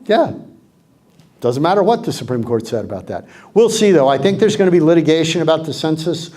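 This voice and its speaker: Wry middle-aged man with a higher voice. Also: brisk. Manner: wry, joking, deadpan sarcasm. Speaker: guest speaker. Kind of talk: political club talk with Q&A. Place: community clubhouse meeting room.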